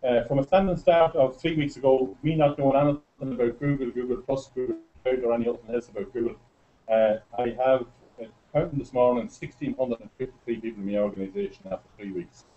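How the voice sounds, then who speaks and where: A middle-aged Irish man giving a chatty, storytelling speech to a live audience, getting excited as he goes. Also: mid-range voice, quick pace. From Ireland. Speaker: presenter at a business meeting. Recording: muffled lo-fi recording.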